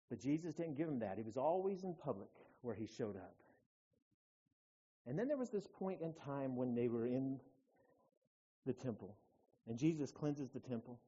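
A male pastor preaching a sermon, telling the story in an animated way that swings from hushed to loud. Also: medium pitch, moderate pace, pauses often, slightly rough. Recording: dull lo-fi church recording.

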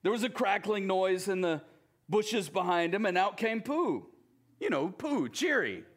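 A man preaching a sermon in a conversational way, often turning to the listeners with quick asides. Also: high-pitched, sing-song. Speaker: pastor.

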